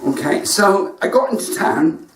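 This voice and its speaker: Cheeky West Country comedian. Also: male voice, high voice, lively intonation, measured pace, far from the mic, a little hiss or hum. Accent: West Country English. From West Country, England. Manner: cheeky joke-telling with asides to viewers. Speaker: stand-up comedian. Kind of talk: stand-up comedy livestream. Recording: echoey room, voice from off mic.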